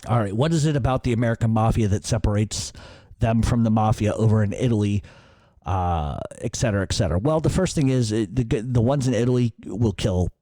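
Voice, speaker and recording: A man's voice: on the low side, brisk, warm tone, no room sound. A middle-aged man hosts a radio Q&A. He reads listener questions aloud and answers them bluntly, swearing in casual storytelling. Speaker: radio show host.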